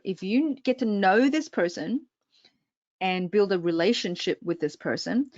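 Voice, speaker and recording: A woman's voice: fairly low pitch, dry recording, lo-fi sound. A woman public speaking coach presenting an online workshop, talking straight to her audience with frequent check-ins.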